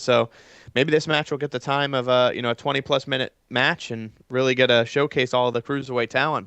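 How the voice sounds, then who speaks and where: A man's voice: mid-range voice, pushed and bright, dry recording. A man co-hosting a wrestling podcast, steadily leading the discussion in casual talk. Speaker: podcast co-host.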